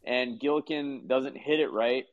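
A man co-hosting a casual sports chat, energetic and loose, sprinkling in fillers. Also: mid-range voice, a little slow, narrow, tinny audio. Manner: energetic, uses filler like you know.

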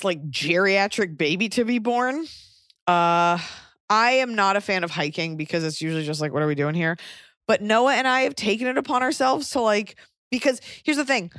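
A woman's voice: medium pitch, fairly bright tone, dry recording, studio quality. A woman in her thirties, a comedian hosting a podcast, giving blunt, crude, rambling advice in casual chat.

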